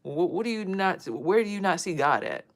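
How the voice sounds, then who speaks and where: A woman's voice: on the low side, lively intonation, moderate pace. A woman doing a casual, rambling spiritual tarot vlog and talking straight to her viewers. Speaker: tarot reader and spiritual vlogger.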